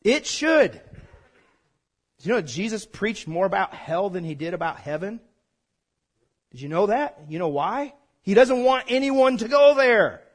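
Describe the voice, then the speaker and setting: A man's voice: high-pitched, animated, moderate pace. A man preaching a sermon as pastor, conversational and folksy, prompting the congregation to call back.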